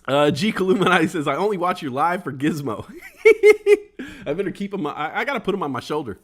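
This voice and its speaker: The speaker is a man in his forties running a casual live stream, high-pitched and fairly quick. He cracks jokes, reads chat comments aloud, and gives the quoted lines animated voices.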